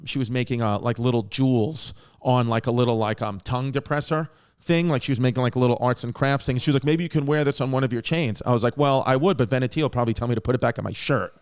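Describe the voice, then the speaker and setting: A man in his thirties hosting a podcast, telling a story in a rambling, animated way with frequent restarts and swearing. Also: mid-range voice, clean tone. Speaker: podcast host. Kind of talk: casual storytelling.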